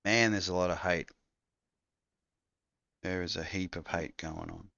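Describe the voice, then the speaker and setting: Co-host: man, very low voice, rambling and crude, dry lo-fi sound. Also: fairly even intonation, a little slow, creaky, bright, forceful tone, no room sound. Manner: rambling, crude, laid-back. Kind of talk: casual chat.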